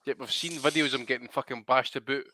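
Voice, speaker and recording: A man's voice: medium pitch, fairly even intonation, fast, a loud crowd. A man co-hosting a podcast, bantering casually with lots of swearing, laughing, and "mate" and "aye". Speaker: podcast co-host.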